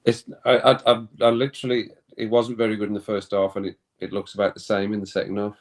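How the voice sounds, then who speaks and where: A man with a fairly low, monotone voice talks fast while hosting a relaxed watch-along stream. He chats with viewers, reads their comments aloud, reacts to the play, and laughs often.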